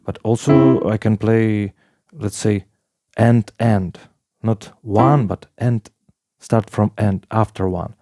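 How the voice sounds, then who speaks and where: A man teaching a piano lesson in plain talk, with halting phrasing, counting beats aloud while he plays. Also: fairly low pitch, steady tone, vocal fry. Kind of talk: casual piano tutorial. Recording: piano playing loudly alongside.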